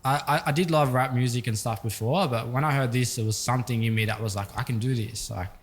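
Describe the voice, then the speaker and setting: A man's voice: mid-range voice, quick pace. A young man from Sydney with an Australian accent, telling stories as a guest in a casual interview with lots of fillers. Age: young adult. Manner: laid-back storytelling, lots of fillers. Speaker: guest rapper.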